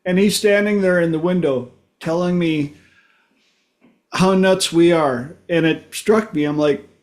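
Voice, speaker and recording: A man's voice: on the high side, fairly even intonation, unhurried. A man from Minnesota hosting a podcast, telling casual stories and chuckling often. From Minnesota, USA. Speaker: podcast host. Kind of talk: casual storytelling.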